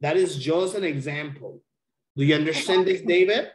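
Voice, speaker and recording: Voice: mid-range voice, moderate pace, roomy sound, rough recording. An English teacher giving a one-on-one lesson over a video call, checking often that the student understands.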